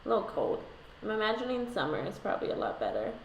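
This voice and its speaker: A woman's voice: medium pitch, very animated, fast, gravelly, a little hiss or hum. A woman vlogger telling a history story in a casual, irreverent way, with lots of "like" and swearing. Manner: irreverent, sarcastic, filler-heavy, swearing. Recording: echoey room.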